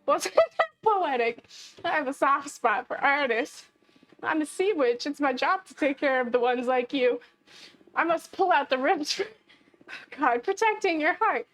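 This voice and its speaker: A woman's voice: sits high, expressive, a little slow, a bit bright. A young woman streamer reading game dialogue aloud, often breaking into giggles. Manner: giggly, keeps breaking into laughter while reading.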